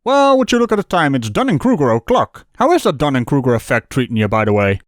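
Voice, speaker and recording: A man's voice: medium pitch, sing-song, fast, no echo, studio quality. A man giving mocking, sarcastic commentary on a video, laughing at what he hears. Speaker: debunking commentator.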